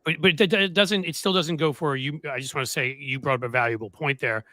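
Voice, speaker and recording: A man hosting a casual political chat, sardonic and halting, often restarting his sentences. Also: a little high, sharp tone, no room sound. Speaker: podcast host.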